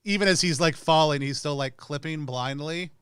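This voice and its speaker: A man's voice: a little high, moderate pace, fairly bright tone, clean tone, no room sound, clean studio sound. A man narrating a tabletop game as game master, rambling with lots of fillers.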